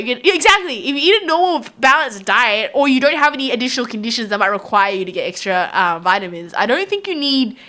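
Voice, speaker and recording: An Australian woman chatting with her viewers in a live stream, rambling loosely from thought to thought and laughing often. Her voice sits high and bright, and it swings up and down with lots of life. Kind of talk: casual chat with viewers.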